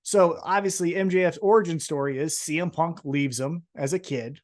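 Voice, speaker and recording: A man's voice: a little high, normal speed. A man co-hosting a wrestling podcast, recapping a show in casual, profane chat and acting out what the wrestlers said. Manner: profane, animated storyteller acting out quotes. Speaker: podcast co-host.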